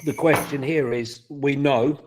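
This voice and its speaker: A man co-hosting a casual football watchalong, blunt and excitable, swearing at missed chances. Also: medium pitch, a little slow, noisy background. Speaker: co-host.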